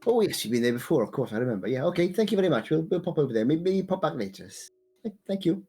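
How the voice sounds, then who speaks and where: A man's voice: on the high side, big pitch swings, racing, dark tone, slightly rough, faint music behind. A man playing a tabletop game, talking in a hesitant, polite way with many fillers. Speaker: player. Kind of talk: casual tabletop role-play.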